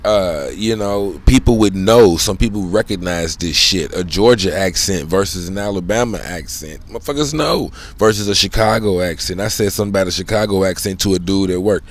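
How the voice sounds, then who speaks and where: A man speaks in a fairly low voice, talking on his own in a casual, winding monologue. He leans on street slang and swearing. He keeps checking in with the listener. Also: a little fast, few pauses. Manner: rambling, loose slang, frequent "you know what I'm saying"; profane, conversational. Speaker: solo channel host.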